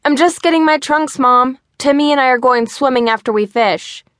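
A woman's voice: mid-range voice, normal speed, no echo, clean studio sound. A woman voicing an eager young boy who pleads with his mother. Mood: pleading. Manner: pleading, excited.

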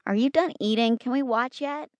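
A woman reading an audiobook, voicing a young boy who begs and wheedles in a high voice. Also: moderate pace, no room sound, highs cut off, natural voice. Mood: whiny pleading. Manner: wheedling and begging. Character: pleading, whiny young boy.

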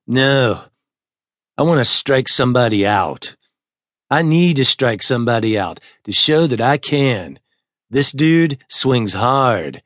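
A cocky young surfer-dude pitcher, easygoing and drawling, sure of himself, as a man puts him on for an audiobook. The sound is dry and close, with no room around it. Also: expressive, slow pace, fairly bright tone, no echo. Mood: insistent.

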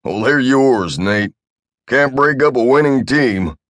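A man's voice: mid-range voice, lively intonation, takes it slowly, fairly bright tone, no echo, studio quality, voice pushed up. A man voicing a blunt military general who talks in short, clipped bursts. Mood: gruff, pushy.

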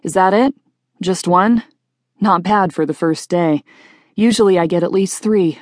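A middle-aged male professor greets his class in a dry, measured, teacherly way with a wry edge, read by a woman narrator. The voice sits low and fairly plain, close to the reader's own. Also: darkish tone, dry recording, lightly acted.

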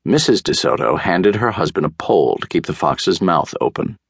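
Deep, gravelly male storyteller. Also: moderate pace, no room sound, clean studio sound. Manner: expressive, lively storytelling. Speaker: audiobook narrator. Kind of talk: scripted storybook narration.

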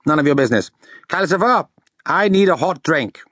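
A vain, theatrical young wizard from an audiobook, voiced by a man pitched well above his usual speaking voice, full of dramatic self-pity. His delivery swoops and soars in a close, dry recording. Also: lively intonation, normal speed, fairly bright tone, no room sound. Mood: aggrieved.

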